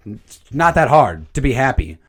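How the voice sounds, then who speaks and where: A man's voice: mid-range voice, moderate pace, husky. A man reviewing a movie in a casual, jokey commentary. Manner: animated, jokey, slips into silly voices.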